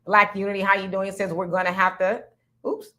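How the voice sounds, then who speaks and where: A woman's voice: medium pitch, flat delivery, fairly quick, bright, forceful tone. Woman hosting a live-stream talk show. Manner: reads viewer comments aloud, conversational. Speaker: host.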